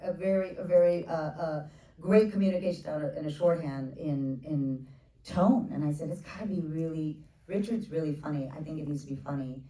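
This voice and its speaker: A woman director in her forties answering questions in a casual onstage Q&A. She talks like an animated storyteller, acting out other people with quick asides. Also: deep voice. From United States. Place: theater stage with audience. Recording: roomy theater sound from a distant mic.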